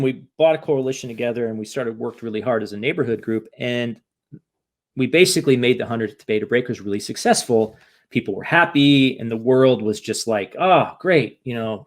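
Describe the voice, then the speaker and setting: A man guest on a podcast, telling a story in casual chat, lively, often acting out quoted voices and asking "right?". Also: mid-range voice. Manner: animated, acts out quoted voices, frequent "right?".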